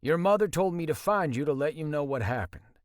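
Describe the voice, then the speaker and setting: A man voicing a concerned father who calmly explains bad news. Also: fairly high pitch, fairly quick, no room sound, studio quality, voice pushed up, lightly acted. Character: concerned older rancher father.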